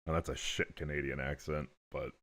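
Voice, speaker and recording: A man's voice: very deep voice, little pitch movement, a little fast, creaky, a bit bright. A man hosting a livestream, talking in a rambling, casual way, swearing often and laughing between remarks. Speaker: livestream host. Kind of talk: casual commentary while reacting to clips.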